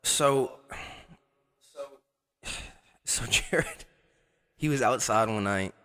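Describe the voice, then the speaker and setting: A man's voice: medium pitch, drawn-out words, a bit bright. A young man co-hosting a podcast, telling crude, profane stories and laughing often as he goes. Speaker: podcast co-host. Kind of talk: crude casual storytelling.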